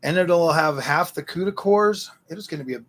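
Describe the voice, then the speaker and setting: A man's voice: on the high side, lively intonation, a little fast, a bit bright. A man hosting a casual livestream, answering chat in a slangy, ranting way, often repeating himself and restarting his sentences.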